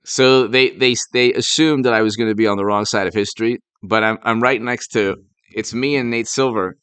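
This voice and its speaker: A man's voice: on the low side, fairly even intonation, moderate pace, a bit bright, clear, resonant tone, no echo. A man doing a casual political live stream, rambling and sarcastic, stopping to thank viewers who send donations. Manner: rambling, sarcastic, thanks super chat donors mid-talk.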